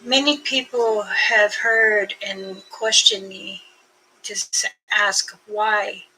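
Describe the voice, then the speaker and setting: An older woman, a spiritual elder, talking casually and offering prayers in a halting, unhurried way with many fillers, a little out of breath. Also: medium pitch, steady tone, pushed and bright, slight background noise, low-quality recording. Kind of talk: casual spoken prayer and talk.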